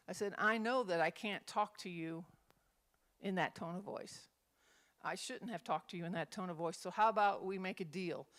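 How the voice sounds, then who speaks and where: A middle-aged woman minister teaching a Bible study group. She tells stories with animation and jumps into the voices of the people in them. Her voice sits at an ordinary middle pitch. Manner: animated storyteller, acts out quotes.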